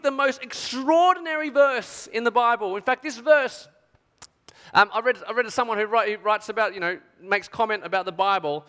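A man preaching a sermon, telling a story with strong feeling, dropping to a hush and rising to near shouts. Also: high-pitched, in a large hall. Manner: emotional storytelling, dramatic swings from hushed to shouting.

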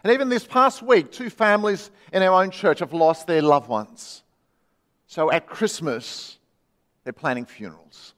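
A man's voice: high voice, unhurried, a bit bright, big-room sound. A man preaching a sermon as pastor, earnestly telling a story and reading quoted voices aloud.

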